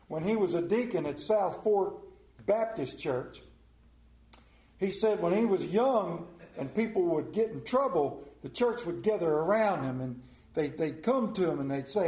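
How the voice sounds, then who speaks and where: A man preaching a sermon, telling stories in a folksy way and dropping to a hush for quoted lines. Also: high-pitched, reverberant. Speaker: pastor. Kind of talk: storytelling sermon.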